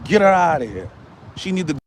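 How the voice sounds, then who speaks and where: A man puts on a boastful, hot-tempered ranter with a somewhat high voice that lurches between low mutters and sudden yells. He repeats himself constantly and talks in a comedic stream rant. A faint hum of outdoor traffic sits underneath. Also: sing-song, fairly quick. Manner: ranting, repetitive, swinging from mutters to yells. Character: loud boastful ranting man, quick to anger.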